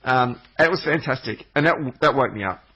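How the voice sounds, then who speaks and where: A man's voice: medium pitch, lively intonation, fairly quick, bright, forceful tone. A man telling a meandering, sweary travel story on a podcast, with lots of fillers and restarts. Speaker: podcast regular. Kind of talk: rambling anecdotal chat. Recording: muffled lo-fi podcast audio.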